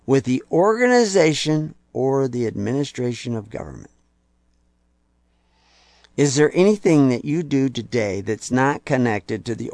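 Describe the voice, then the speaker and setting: A man preaching a sermon, building to loud, emphatic peaks and putting on mocking voices for quoted people. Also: medium pitch, dry recording, clean studio sound.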